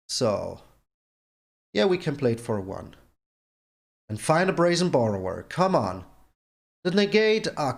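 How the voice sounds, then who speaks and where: Man, game channel host, gameplay commentary, ranting, animated pitch. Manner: exasperated ranting, repeats himself.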